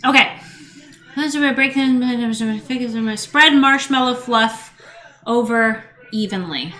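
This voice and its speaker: A woman's voice: a little high, measured pace, bright, forceful tone. A woman baking in her home kitchen, chatting casually and mocking herself, sometimes muttering to herself as she works. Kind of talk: casual cooking vlog.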